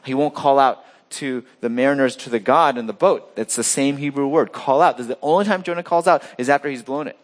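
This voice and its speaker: A man preaching a sermon as pastor of his church, swinging between loud emphatic lines and quiet low asides. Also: a little fast, hardly any pauses.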